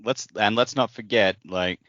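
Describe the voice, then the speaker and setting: A man with a very low voice that has a bright, forceful edge, speculating casually on a podcast. He muses with plenty of fillers. The sound is dry and a bit dull, like lo-fi podcast audio. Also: normal speed, no room sound. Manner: relaxed, musing speculation with fillers. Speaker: podcast co-host. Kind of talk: casual chat.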